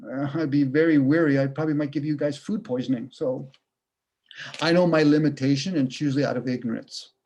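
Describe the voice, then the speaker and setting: A man's voice: fairly high pitch, steady tone, brisk, darkish tone. A man ranting casually on a video call, blunt and profane, firing off rhetorical questions. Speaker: video call participant sharing views.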